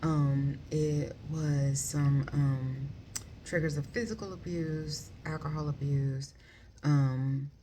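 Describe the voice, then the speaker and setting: A woman's voice: low voice, steady tone, slow pace, warm tone, slight background noise. A woman giving a casual, rambling book review full of ums and likes. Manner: rambling, many ums and likes, self-correcting.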